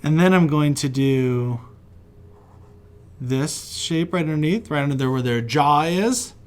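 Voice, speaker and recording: A man's voice: on the high side, expressive, unhurried. Upbeat man teaching kids to draw. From West Virginia. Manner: friendly, chatty, encouraging, laughs often. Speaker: kids' art teacher. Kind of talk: drawing lesson for children.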